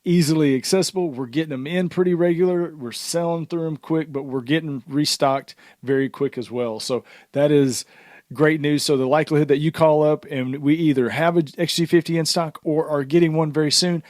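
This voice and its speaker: A man's voice: a little high, fairly even intonation, fairly quick, darkish tone, no room sound, studio quality. A man co-hosting a podcast in casual chat, steadily plugging the store's stock. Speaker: podcast co-host and store seller. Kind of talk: casual chat with sales pitch.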